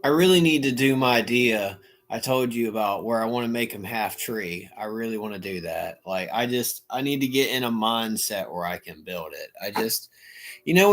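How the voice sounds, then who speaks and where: A man hosting a casual livestream chat, talking in an animated way and bursting into playful shouting impressions. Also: mid-range voice. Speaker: livestream host.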